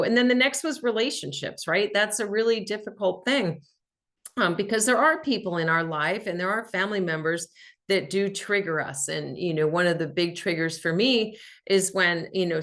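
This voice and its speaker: A woman's voice: on the low side, fairly bright tone. A woman hosting a podcast, giving a candid, earnest personal motivational talk and swearing casually. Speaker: podcast host.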